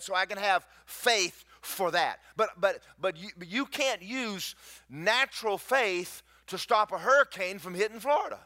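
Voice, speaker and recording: A man preaching a sermon to his congregation, with folksy asides to the crowd and rising to near shouts at his peaks. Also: high-pitched. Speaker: pastor. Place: church sanctuary.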